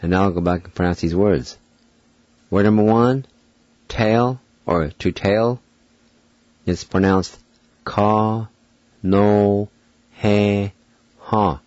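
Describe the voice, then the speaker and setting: A man hosting a radio language lesson, spelling each word out letter by letter and repeating it slowly. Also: deep voice, a little mellow, no echo, highs cut off. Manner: deliberate, spells out words letter by letter and repeats them. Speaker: radio show host teaching language. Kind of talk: slow spelling and pronunciation lesson.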